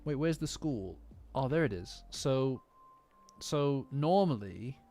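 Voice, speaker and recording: A man with a Nottingham accent chats loosely on a live stream, pitched squarely in the usual male range. He wanders off topic and teases himself along the way. Soft lofi music plays faintly underneath. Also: animated, slow pace. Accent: Nottingham English. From Nottingham, England. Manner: rambling, easily distracted, self-mocking. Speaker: streamer reacting to a manga chapter with chat. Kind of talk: casual live-stream chat. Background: faint lofi background music.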